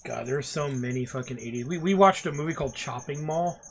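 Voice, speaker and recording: A man's voice: mid-range voice, quick pace, slightly rough. A man co-hosting a casual board game night chat, telling movie stories and acting out lines. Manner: animated storyteller, acts out movie lines. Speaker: co-host and player.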